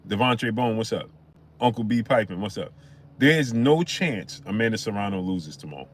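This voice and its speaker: A man hosts a casual live stream about boxing, greeting viewers from the chat by name. His voice sits fairly low, and he talks in a loose, animated way. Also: moderate pace. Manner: shouts out chat names, chatty and animated.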